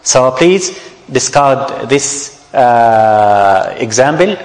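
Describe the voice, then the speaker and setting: A man's voice: mid-range voice, expressive, drawn-out words, reverberant, long reverb tail, low-quality recording. A man teaching a tajweed lesson, repeating each example word patiently to his students. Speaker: Quran recitation teacher.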